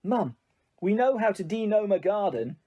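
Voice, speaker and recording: A narrator voicing a jaunty, cheeky teenage boy in a soft whispered role-play. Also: mid-range voice, very animated, normal speed, muffled recording, voice pushed up. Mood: protesting.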